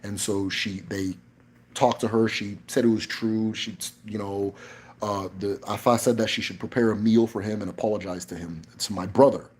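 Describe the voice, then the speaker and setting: A man's voice: fairly low pitch, darkish tone, breathy edge. A man hosting a casual livestream Q&A, talking in a blunt, emphatic way with frequent profanity. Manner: emphatic, blunt, profane, tags points with "right?". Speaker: livestream host.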